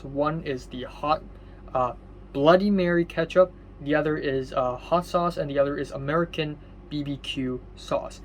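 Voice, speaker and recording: A man's voice: fairly high pitch, slight background noise, poor audio. A young man narrating his video diary casually, with many fillers and self-corrections. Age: young adult.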